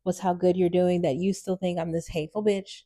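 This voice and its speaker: A woman's voice: fairly low pitch, level tone, brisk, mellow. A woman speaking straight to her mother in an emotional monologue, hurt and pleading, close to tears. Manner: hurt, pleading, repetitive apologies. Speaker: vlogger addressing her mother. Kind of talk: emotional direct-to-camera monologue.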